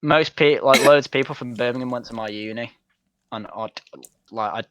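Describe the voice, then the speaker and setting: A young man chats while gaming, blunt and sweary with a mocking edge. His pitch sits in the middle. The sound is dull and dry, like a close home mic. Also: moderate pace, fairly bright tone, no echo. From Manchester, England. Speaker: streamer. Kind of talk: casual chat while gaming.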